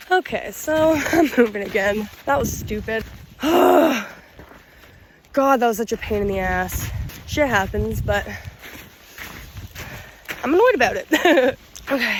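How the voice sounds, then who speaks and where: Young woman solo hiker talking to a handheld camera, slightly high voice, winded and frustrated, faint outdoor noise. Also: gravelly. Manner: tired, frustrated, swearing, laughing it off. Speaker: solo backpacking vlogger. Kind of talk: casual vlog narration while hiking. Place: outdoors on a forest trail.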